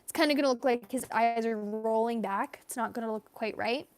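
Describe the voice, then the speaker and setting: High-voiced chatty young woman streaming. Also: brisk. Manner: chatty, rambling, reads viewer comments aloud, frequent fillers and giggles. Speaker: artist livestreaming a drawing session. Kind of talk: casual live-stream chat while drawing.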